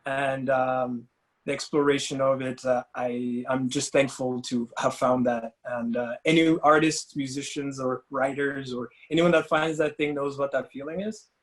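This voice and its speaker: A man, an artist, talking casually on an online panel, relaxed and searching for words. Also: medium pitch, a little slow, rough recording. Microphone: video call.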